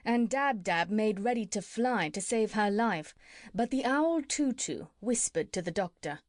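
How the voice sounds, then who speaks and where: A woman's voice: medium pitch, measured pace, no echo. Woman narrating a classic children's story. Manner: steady storytelling. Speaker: audiobook narrator. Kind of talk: scripted narration.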